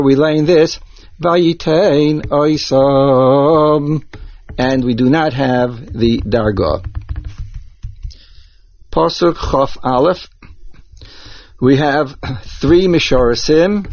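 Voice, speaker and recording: A man teaching Torah cantillation, explaining each accent mark slowly and methodically, step by step. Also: medium pitch, lively intonation, a little mellow. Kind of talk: instructional explanation with chanted examples. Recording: dull lo-fi dry recording.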